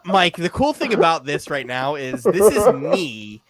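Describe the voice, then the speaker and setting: A man hosting a casual sports podcast, loud and excitable, swearing freely. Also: fairly high pitch, measured pace, a little hiss or hum. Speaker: podcast host.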